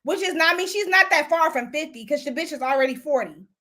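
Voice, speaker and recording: A woman's voice: high voice, expressive, quick pace, bright, forceful tone. A woman hosting a casual live stream, gossiping bluntly and profanely while she greets and answers viewers. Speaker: host.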